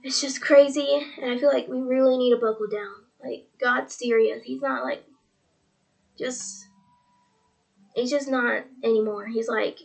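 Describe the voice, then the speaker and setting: High-voiced teenage girl, earnest and tearful. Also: fairly even intonation, measured pace, creaky. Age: teens. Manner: earnest, rambling, repeats "he's like". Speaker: religious vlogger. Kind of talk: earnest faith vlog.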